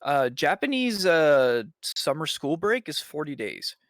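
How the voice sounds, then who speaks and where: A man's voice: fairly high pitch, big pitch swings, unhurried, fairly bright tone, dry recording, studio quality. A young man chatting casually on a podcast panel, rambling with lots of ums and restarts. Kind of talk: casual chat.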